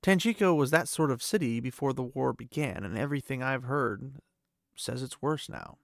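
A man reading aloud the lines of a stern, usually controlled male warrior guardian, with loud, exasperated bursts. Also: mid-range voice, expressive, moderate pace, gravelly, no echo, clean studio sound.

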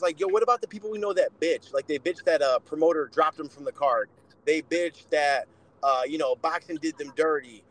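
A man's voice: on the high side, poor audio. A young man co-hosting a podcast, telling boxing stories in a blunt, profane, casual way. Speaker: podcast co-host, boxer.

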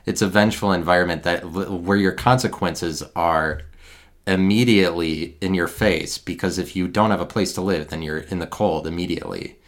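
Low-voiced man rambling into a recorder. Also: fairly even intonation. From American Midwest. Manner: digressive, halting, sardonic. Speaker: monologuist. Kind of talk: rambling solo monologue. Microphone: handheld voice recorder.

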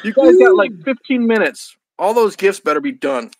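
A man's voice: fairly high pitch, expressive, moderate pace, fairly bright tone. A man doing a foul-mouthed, harried Santa Claus. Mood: irritable. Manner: bellowing, profane.

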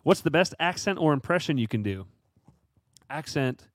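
A man co-hosting a casual podcast, chatty and quick to laugh, with lots of fillers. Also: a little high, animated, dry recording, clean studio sound. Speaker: podcast co-host. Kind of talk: casual chat.

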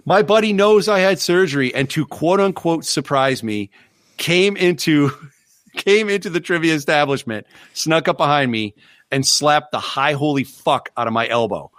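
A man's voice: a little high, animated, normal speed, a bit bright, dry recording. Foul-mouthed middle-aged man telling stories. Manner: profane, storytelling, mock voices. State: recovering from arm surgery. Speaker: podcast co-host. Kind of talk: casual chat.

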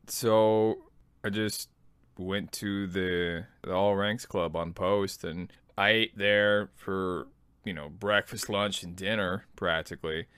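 A man's voice: low voice, fairly even intonation, takes it slowly, fairly bright tone, clear, resonant tone, no room sound. A man in his thirties telling personal army stories in a laid-back, self-deprecating, rambling way. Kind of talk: personal storytelling.

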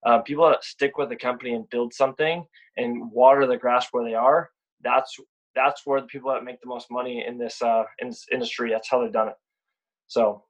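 A man's voice: medium pitch, steady tone, a little fast. Blunt young man, dull lo-fi sound. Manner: blunt, repeats words when starting sentences. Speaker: sales rep guest. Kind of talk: casual podcast chat.

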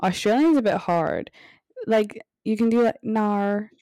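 A woman's voice: fairly high pitch, lively intonation, moderate pace, mellow, dry recording, studio quality. A woman co-hosting a casual podcast quiz, chatty and swearing freely as she coaxes with hints. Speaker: podcast co-host asking quiz questions. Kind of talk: casual chat.

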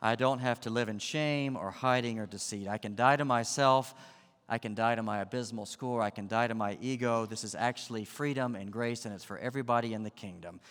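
A man's voice: medium pitch, a little fast, a bit bright, big-room sound. A man preaching a sermon as a pastor, acting out the voices in the story with drama.

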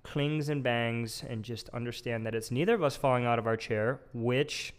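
A man's voice: mid-range voice, normal speed, smooth. A young man co-hosting a podcast, laughing and self-deprecating in casual chat from the back of a gym. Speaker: podcast co-host.

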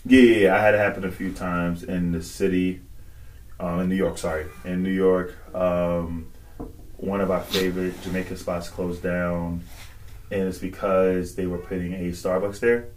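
A man's voice: low voice, level tone, moderate pace, far from the mic. A man co-hosting a podcast in casual chat, laughing often and acting out voices as he tells stories. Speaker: podcast co-host.

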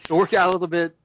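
Podcast co-host, male, slightly high voice, animated and joking, dry muffled recording. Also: a little hiss or hum. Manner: joking, animated storyteller, laughs often. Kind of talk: casual chat.

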